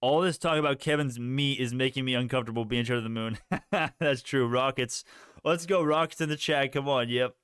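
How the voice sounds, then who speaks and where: A man's voice: medium pitch, brisk, fairly bright tone, smooth, no room sound, clean studio sound. Rambling young man live-streaming stocks. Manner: rambling, talks to chat, restarts often. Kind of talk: casual livestream chat.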